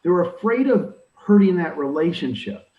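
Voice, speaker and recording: An older man in real estate recruiting who talks in an energetic, emphatic coaching style and acts out quoted dialogue. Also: sits high, normal speed. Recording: roomy, distant, dull audio.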